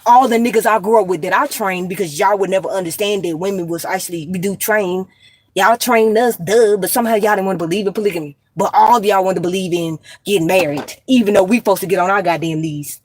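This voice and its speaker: A woman's voice: medium pitch, fast, darkish tone. A woman from the United States delivering a profane, rambling monologue straight to her viewers, addressing them as y'all and jumping from one thought to the next. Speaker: vlogger.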